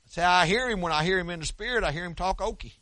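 A man preaching a sermon in a folksy, conversational way with an Oklahoma accent, talking quickly with frequent restarts. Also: high-pitched, bright, forceful tone, no room sound. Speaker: pastor.

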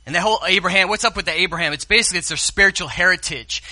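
A man preaching a sermon as pastor, speaking straight to the congregation and swinging from hushed asides to loud exclamations. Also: sits high, very fast. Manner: addresses the congregation directly.

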